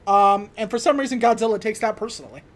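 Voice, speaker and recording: A woman's voice: fairly high pitch, fast. A young woman hosting a podcast, casually recapping a film with lots of laughter and goofy quoted voices. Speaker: podcast host. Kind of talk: casual movie recap chat.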